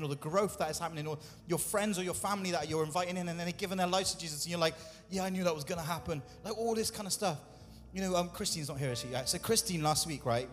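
A man's voice: fairly high pitch, fairly bright tone, long reverb tail. A man pastor preaching a sermon in a church, talking conversationally, acting out quoted voices and putting questions to the congregation. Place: church hall.

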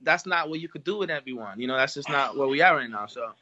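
A man's voice: mid-range voice, lively intonation, fast talker, sharp tone, highs cut off, slight background noise. A man, a rapper from Washington Heights, talking casually in an interview in a laid-back, slangy way. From Washington Heights, New York. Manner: laid-back, slangy, peppered with "you know what I'm saying". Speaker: rapper guest.

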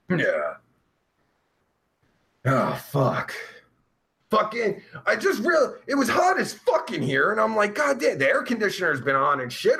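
A man's voice: high-pitched, vocal fry, pushed and bright. A man hosting his live show alone at home, reading the chat and ranting in a profane, rambling, laughing way. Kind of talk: casual live-stream chat.

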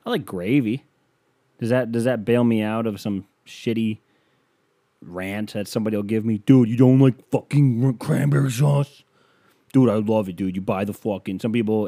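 A man's voice: fairly low pitch, dark tone, no echo. A man hosting a podcast, delivering a sarcastic, ranting comedic monologue and acting out the people he quotes. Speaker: podcast host.

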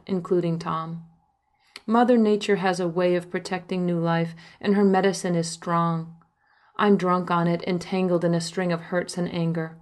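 Woman, young adult, memoir narration, intimate first-person telling, lowish pitch. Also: darkish tone. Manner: intimate first-person storytelling, emotional quoted lines.

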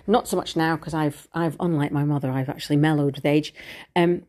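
A woman's voice: deep voice, fairly even intonation, a little fast, darkish tone. A middle-aged woman talking frankly and at length in a candid personal monologue, rambling and swearing casually. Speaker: vlogger.

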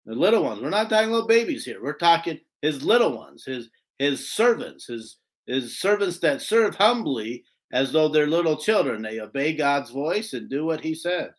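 A man with a fairly high-pitched voice teaches an expository scripture lesson. He speaks earnestly and often doubles back on words mid-sentence as he searches for the right phrasing. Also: very animated, moderate pace.

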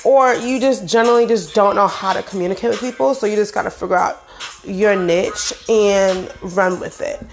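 Young woman vlogger, gravelly voice, loose slangy rambling talk, faint music behind. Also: mid-range voice, normal speed. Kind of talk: casual monologue to viewers.

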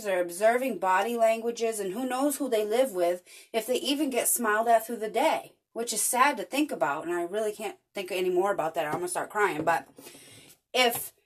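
A woman hosting a podcast, talking earnestly and chattily in a casual motivational monologue, telling stories with lots of energy. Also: on the high side. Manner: earnest, chatty, animated storytelling. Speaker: podcast host.

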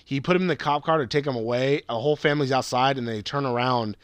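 A man co-hosting a casual movie review podcast, talking in an animated way with lots of swearing and filler "like". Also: medium pitch, fast, clean tone, no echo. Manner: animated, swears a lot, says like often. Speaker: podcast co-host.

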